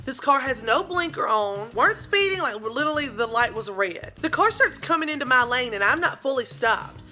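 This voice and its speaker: A young woman telling a dramatic story in a casual vlog, with lively asides to her viewers. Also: sits high, moderate pace. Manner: animated, dramatic retelling with asides. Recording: faint background music.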